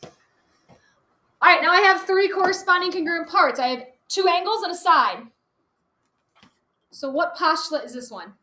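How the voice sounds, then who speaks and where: A woman teaching a geometry lesson to a class, upbeat and quick to laugh with her students. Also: very high-pitched, animated, pushed and bright. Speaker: math teacher. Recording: echoey classroom, faint noise.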